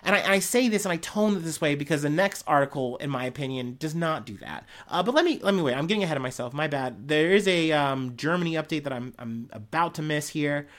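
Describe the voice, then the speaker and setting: Male podcast host, reading the news with foul-mouthed, animated asides. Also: fairly high pitch, fast talker, few pauses. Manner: profane, blunt, animated asides. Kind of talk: reading news articles with casual commentary.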